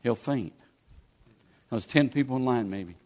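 A man's voice: mid-range voice, a little slow, darkish tone. A man, preaching a sermon in a folksy, pleading, conversational way as a guest preacher. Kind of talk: sermon with altar call.

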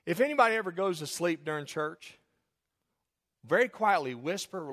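A man's voice: on the high side, animated, fairly quick, fairly bright tone, long reverb tail. A man preaching a sermon as pastor, emphatic with call-and-response and jokes, in a church sanctuary.

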